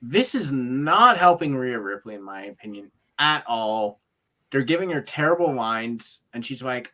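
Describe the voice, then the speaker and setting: A man co-hosting a casual chat, lively and laughing often as he acts out what others said. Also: medium pitch, a little slow. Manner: animated, acts out quotes in voices. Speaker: podcast co-host. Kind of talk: casual chat reviewing wrestling.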